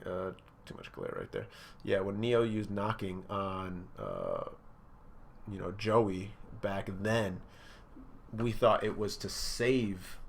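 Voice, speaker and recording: A man's voice: lowish voice, creaky, a little hiss or hum. A man giving casual reaction commentary, reading comic dialogue aloud with laid-back asides. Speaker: anime and manga reaction host.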